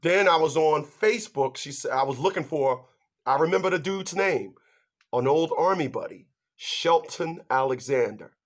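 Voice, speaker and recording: Guy with a pretty high voice going off to the camera, emphatic, stumbles and repeats himself. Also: lively intonation, moderate pace. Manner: emphatic, stammers and repeats, talks straight to the audience. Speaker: vlogger giving relationship advice. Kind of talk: animated ranting monologue to viewers.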